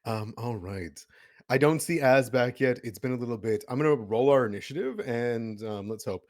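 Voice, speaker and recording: A man's voice: medium pitch, normal speed, no room sound, studio quality. A man running a tabletop game over a voice call, explaining settings in an easygoing, helpful way with frequent ums. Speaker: game master.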